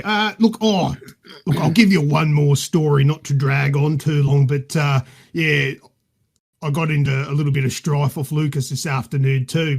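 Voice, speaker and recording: Man putting on a gravelly, crude Aussie bloke. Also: on the high side. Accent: Australian. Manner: cheeky, rambling, swears freely. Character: crude boastful middle-aged Australian bloke. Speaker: podcast guest character. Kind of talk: improvised comedy character.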